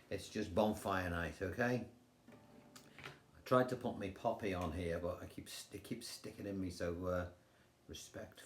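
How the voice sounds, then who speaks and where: An older man with an English accent, teaching guitar in a chatty, relaxed way and counting rhythms aloud. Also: fairly low pitch, a little hiss or hum. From England. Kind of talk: casual guitar tutorial. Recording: roomy sound with guitar playing.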